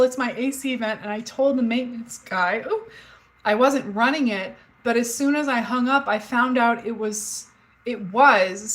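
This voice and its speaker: In a slightly high, fairly bright voice captured on poor audio, a woman in her forties hosts a home livestream indoors. She talks openly and casually with viewers and the live chat, rambling through stories with fillers and the occasional curse.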